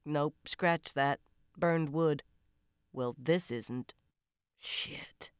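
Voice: mid-range voice, extremely slow, clean tone, no echo, studio quality. A woman reading as a cursing fire-scene investigator. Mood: gruff. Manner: blunt, swearing. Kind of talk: audiobook narration.

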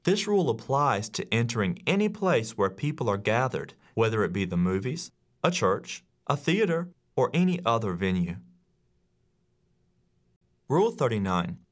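Guy reading his class rules like an audiobook, pitch bouncing around a lot, steady and instructive. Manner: measured, instructive, acts out quoted lines. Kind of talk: audiobook narration.

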